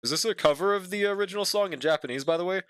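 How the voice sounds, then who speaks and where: A young man streams while drawing, chatting loosely with his viewers and cursing a lot in a laid-back way. His voice sits high and slightly bright, smooth and very fast, recorded dry.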